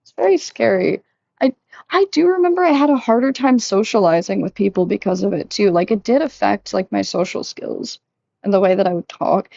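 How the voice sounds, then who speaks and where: A young woman talking casually and candidly to her audience, full of fillers, who jumps up in pitch when she acts out quoted lines. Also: expressive, a little fast, gravelly, warm tone, no room sound, lo-fi sound. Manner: chatty, lots of "like", acts out quotes in a higher voice. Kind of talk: casual confessional chat.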